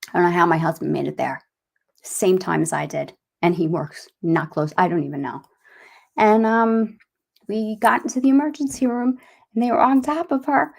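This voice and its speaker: A middle-aged woman, a guest and bereaved mother, giving a halting, rambling personal account with many restarts. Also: lowish voice, creaky.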